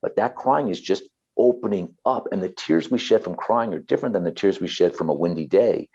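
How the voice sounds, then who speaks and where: A man's voice: sits low, fairly quick, mellow, husky, highs cut off. A man, a therapist and author, talking earnestly and passionately as an interview guest, often repeating himself.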